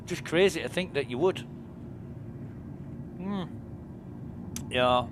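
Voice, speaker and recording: A man's voice: fairly high pitch, slow, background noise. Rambling man streaming a game. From United Kingdom. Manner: rambling, chatty, self-amused, lots of fillers. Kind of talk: casual live-stream chat. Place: home desk.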